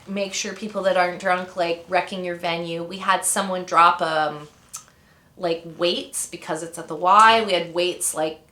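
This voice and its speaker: With a medium-pitched, bright and forceful voice in a roomy-sounding room, a woman in her thirties from Ontario, Canada, rambles casually as an interview guest. Her storytelling drifts into tangents and leans on many fillers.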